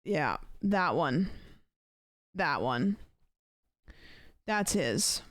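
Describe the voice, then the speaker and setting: A woman's voice: low voice, expressive, extremely slow, a bit bright, no room sound, studio quality. A young adult woman streamer in casual chat, rambling and playful and swearing now and then. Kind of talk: casual chat, ranking celebrities' texting habits.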